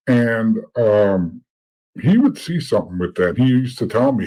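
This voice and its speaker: Husky, low-voiced middle-aged man. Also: moderate pace, darkish tone, low-quality recording. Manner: blunt, profane, repeats words while telling stories. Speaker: podcast guest, former informant. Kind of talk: casual storytelling.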